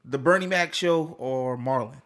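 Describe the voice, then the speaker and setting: A young man co-hosting a podcast, talking casually and animatedly, with loud bursts and laughs. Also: mid-range voice, normal speed. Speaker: podcast co-host. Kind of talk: casual chat.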